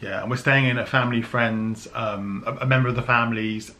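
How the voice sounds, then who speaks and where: Bright-voiced chatty male vlogger. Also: medium pitch, steady tone, fairly quick, slight background noise. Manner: chatty, laughs often, frequent fillers. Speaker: travel vlogger. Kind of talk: casual chat.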